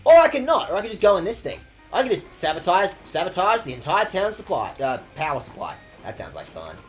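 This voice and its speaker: A man's voice: high-pitched, very animated, fairly quick, a bit bright, faint music behind. A man streaming a game with sweary, jokey commentary. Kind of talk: casual gaming commentary.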